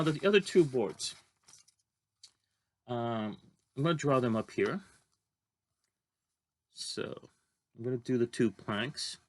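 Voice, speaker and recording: A man teaching a drawing lesson, talking casually and thinking aloud as he draws. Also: mid-range voice. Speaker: art teacher.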